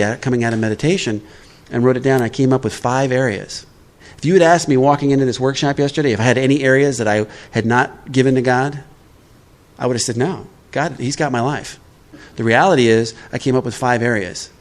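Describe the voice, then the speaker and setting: A man speaking at a live recovery workshop, talking plainly and conversationally. His pitch sits in the middle for a man, and he keeps pausing to check that his listeners follow him. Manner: conversational, checks in with "all right?".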